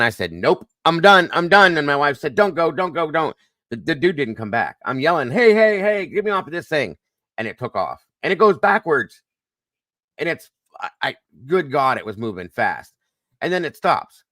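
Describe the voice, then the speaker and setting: A man hosts a casual live stream and tells his stories with animation and a bit of mild swearing. His voice sits low but comes across bright and forceful. The sound is dry and close. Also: no room sound. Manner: animated storytelling, swears lightly.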